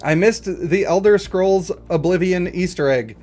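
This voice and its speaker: A game streamer commentating live, reading game text and going off on animated, rambling comic rants. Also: mid-range voice, a little slow, faint music behind.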